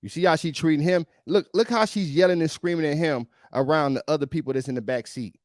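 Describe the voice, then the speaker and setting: A man's voice: on the high side, fast talker, no room sound, clean studio sound. A male podcast host giving emphatic, preachy reaction commentary on a video, often repeating himself.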